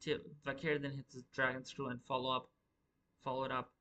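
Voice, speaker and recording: A man's voice: medium pitch, level tone, brisk, bright, forceful tone, rough recording. A man giving a rambling, profane live review of a wrestling show, stumbling and restarting his sentences often.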